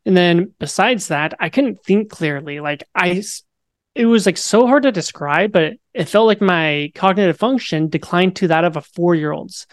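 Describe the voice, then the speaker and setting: A young man tells his own story in a relaxed, chatty way, leaning on filler words and getting animated as he goes. There is a mild flavor to his speech. The voice sits close and dry, with no room sound around it. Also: high voice, normal speed, no echo. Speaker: guest. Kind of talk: personal story in a podcast interview.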